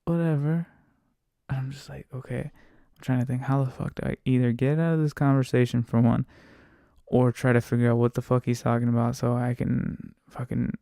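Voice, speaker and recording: A man's voice: medium pitch, creaky, warm tone, no room sound, clean studio sound. A man hosting a podcast, rambling through a rideshare story in casual, profanity-laden talk, often quoting himself. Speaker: podcast host and rideshare driver.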